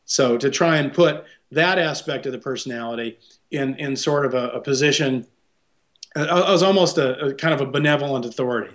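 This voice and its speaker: A man's voice: medium pitch, fairly bright tone. A man, a psychologist guest, explaining ideas thoughtfully in an interview and often checking in with a tag question.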